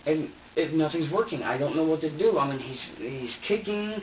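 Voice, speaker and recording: A man being questioned by police, recounting events in a halting, repetitive way with many fillers and restarts. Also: fairly high pitch, expressive, far from the mic, a little hiss or hum. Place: sheriff's interview room. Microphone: distant room recorder. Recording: tinny lo-fi, echoey room, off-mic.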